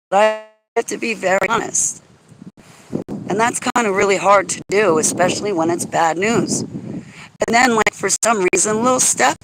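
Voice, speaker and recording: A woman's voice: mid-range voice, fairly bright tone, a little hiss or hum, poor audio. Emotional woman hosting a religious talk show. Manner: emphatic, emotional, addresses a listener directly. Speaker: radio show host.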